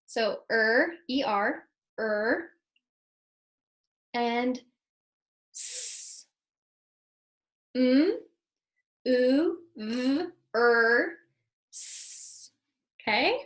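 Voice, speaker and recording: A woman teacher with a high, bright-sounding voice leads young children through a spelling lesson. She speaks slowly and patiently, sounding out each letter and syllable with care. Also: poor audio. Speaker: second grade teacher.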